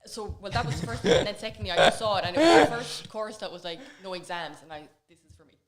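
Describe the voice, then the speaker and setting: A woman's voice: medium pitch, very animated, fast, crowd noise. A woman chatting as a podcast guest, telling stories in a loose, rambling way with many fillers. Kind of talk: casual chat.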